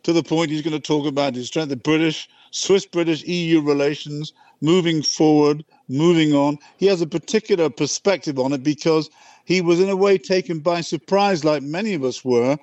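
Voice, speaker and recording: A man's voice: a little high, normal speed, darkish tone, no echo, muffled recording. A man talking with a radio host, explaining an upcoming event, fluent with a few restarts. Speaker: event organiser, guest. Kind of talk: casual radio interview chat.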